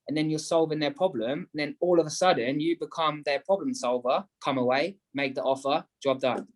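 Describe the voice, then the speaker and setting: Man, podcast guest, animated delivery, acts out phone calls, mid-pitched voice. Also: brisk, hardly any pauses. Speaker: property investment guest. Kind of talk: casual podcast talk.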